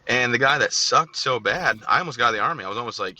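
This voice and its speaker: A man's voice: mid-range voice, lively intonation, pushed and bright. A man in his thirties, an Army veteran guest, telling blunt and joking stories in a casual interview. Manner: joking, blunt, fast-talking storyteller.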